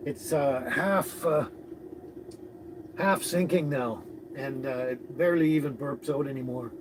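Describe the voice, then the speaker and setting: A man hosting a casual live stream, greeting viewers and chatting in a relaxed, rambling way with frequent chuckles. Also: medium pitch, measured pace. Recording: noisy recording with birds behind.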